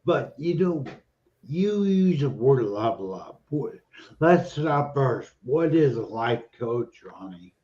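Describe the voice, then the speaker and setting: A man's voice: medium pitch, big pitch swings, takes it slowly, mellow. A man hosting an interview show, friendly and asking leading questions. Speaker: show host. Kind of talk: casual interview chat. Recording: dull lo-fi sound.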